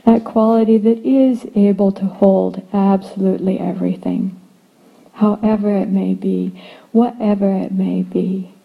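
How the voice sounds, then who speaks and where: A woman giving a relaxed dharma talk as a meditation teacher, laughing often and slipping in playful asides. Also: mid-range voice, measured pace, gravelly, slightly rough, narrow, tinny audio.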